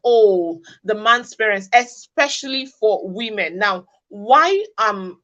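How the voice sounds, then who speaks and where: An earnest woman from Africa gives advice in a middle-pitched voice. She talks to camera and stacks one rhetorical question on another. The audio is slightly dull and lo-fi. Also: a bit bright. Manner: earnest, drives points home with repeated rhetorical questions. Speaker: relationship advice vlogger. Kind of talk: direct-to-camera advice talk.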